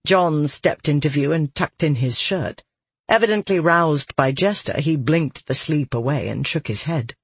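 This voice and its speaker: A man reading a fantasy audiobook aloud in a measured, steady narration. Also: a little high, husky, dry recording.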